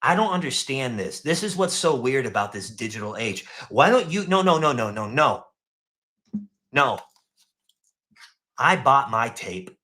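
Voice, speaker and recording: Male host, mocking reaction commentary, lively pitch, bright tone. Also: moderate pace. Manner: animated, mocking, profane. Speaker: show host reacting to clips.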